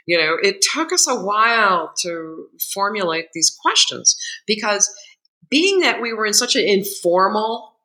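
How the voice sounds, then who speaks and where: A woman with a bright, clear voice tells anecdotes in relaxed conversation. She laughs often and keeps her storytelling lively. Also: mid-range voice, measured pace, poor audio. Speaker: co-author guest.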